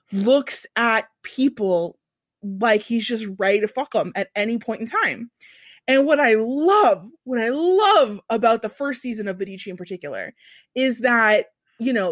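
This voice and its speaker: A woman's voice: fairly high pitch, fairly bright tone, no room sound, clean studio sound. A woman co-hosting a podcast, telling a long story in casual chat with big swings in her voice and some swearing. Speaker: podcast co-host.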